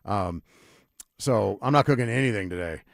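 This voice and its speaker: A middle-aged man holds the mic on a sports talk show. His voice swoops up and down as he rambles through an animated story. The studio sound is close and dry, with no room echo. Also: fairly low pitch, moderate pace, gravelly. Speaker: sports radio host. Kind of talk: casual radio talk and storytelling. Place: radio studio.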